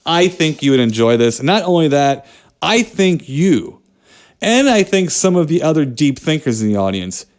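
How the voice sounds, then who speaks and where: A man's voice: fairly high pitch, sing-song, moderate pace. A man co-hosting a podcast, chatting about movies in a joking, rambling way. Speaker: podcast co-host. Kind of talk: casual movie chat.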